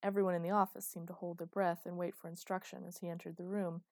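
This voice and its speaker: Woman reading a first-person novel, wry, kinda low voice, dead dry booth sound. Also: little pitch movement, fast talker, darkish tone, no echo. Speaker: audiobook narrator. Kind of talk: first-person fiction narration.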